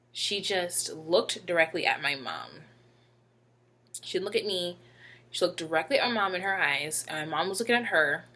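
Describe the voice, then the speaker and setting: A young woman telling a personal story to camera in a halting, emotional way with many fillers. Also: low-pitched, sharp tone. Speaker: vlogger.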